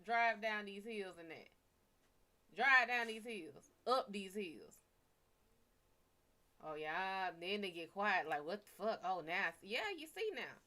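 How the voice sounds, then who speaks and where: A woman's voice: mid-range voice, lively intonation, unhurried, pushed and bright. Sassy woman chatting on stream. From American South. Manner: sassy, profane, chatty with viewers. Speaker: live stream psychic reader. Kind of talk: casual live-stream chat.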